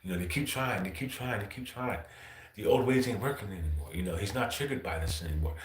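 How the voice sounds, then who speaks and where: A man's voice: lowish voice, expressive, fast, slight background noise. Casual man saying "bro" constantly, echoey. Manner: loose, profane, says "bro" constantly, chuckles often. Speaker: livestream host. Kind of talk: casual livestream monologue.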